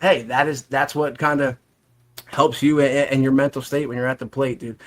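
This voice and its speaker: A man's voice: mid-range voice, level tone, normal speed, fairly bright tone. A man hosting a podcast, asking long rambling questions in a casual, buddy-like way. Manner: rambling questions, says "dude" a lot. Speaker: podcast host. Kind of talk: casual chat.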